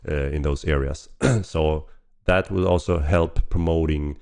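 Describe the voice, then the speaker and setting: A man hosting a casual livestream Q&A while hoarse from a cold, with a rough, gravelly voice, coughing and clearing his throat often. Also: a bass voice, fairly even intonation, a little slow, darkish tone. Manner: chatty, frequent throat clearing and laughs. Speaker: game developer hosting a weekly stream.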